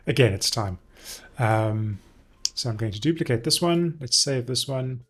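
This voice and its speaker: A man's voice: mid-range voice, lively intonation, a little slow, fairly bright tone, slight background noise. A man live-streaming a coding session, explaining his steps casually as he thinks aloud with frequent ums and self-corrections.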